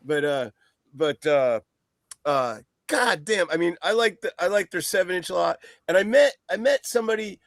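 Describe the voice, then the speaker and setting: Chatty guy going on about a record, swears a lot, laughs, kinda high voice, dead dry sound. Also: lively intonation, normal speed, no echo. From East Coast of the US. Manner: rambling, profane, laughs a lot. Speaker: podcast guest. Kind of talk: casual chat about records.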